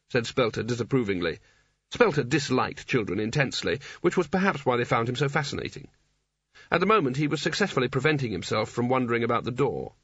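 A man giving a scripted story narration in a dry, wry, measured way. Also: medium pitch, animated, fairly bright tone, husky, no room sound. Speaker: audiobook narrator. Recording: dull lo-fi dry recording.

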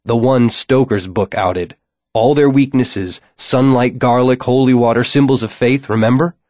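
A man voicing a tense male wizard who speaks in a hushed, clipped, urgent way to his apprentice. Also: mid-range voice, normal speed, no room sound, natural voice.

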